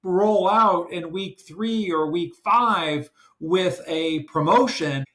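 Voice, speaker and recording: A man hosting a podcast who explains business strategy in a measured, deliberate way. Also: high-pitched, fairly bright tone. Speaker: podcast host. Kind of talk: casual business discussion. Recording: roomy echo.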